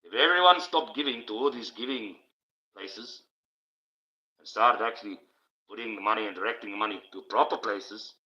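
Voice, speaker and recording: A man preaches on a livestream in a put-on voice, declaiming every point. His tone is very bright and forceful. The sound is dull and lo-fi. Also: on the low side, normal speed. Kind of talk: preaching livestream monologue in character.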